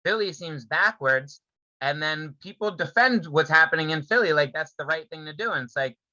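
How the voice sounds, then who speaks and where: A man's voice: on the high side, lively intonation, normal speed, bright, forceful tone, no room sound, muffled recording. A man co-hosting a podcast, talking casually and loosely with fillers, asking pointed questions. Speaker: podcast co-host. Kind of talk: casual chat.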